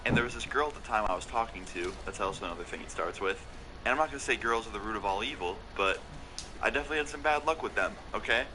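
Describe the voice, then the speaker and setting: Young guy doing a story time vlog, kinda low voice, swears a lot, says like and okay constantly, loud vehicle noise behind. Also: expressive, fast. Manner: casual, swears often, fills with "like" and "okay?". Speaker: storytelling vlogger.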